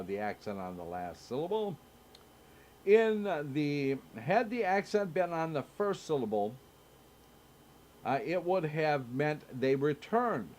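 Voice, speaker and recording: A man teaching a Torah study, slowly reading verses and commentary aloud with frequent pauses and fillers. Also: medium pitch, a little mellow. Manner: slow, halting reading with many filler sounds. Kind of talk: reading and explaining scripture. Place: synagogue.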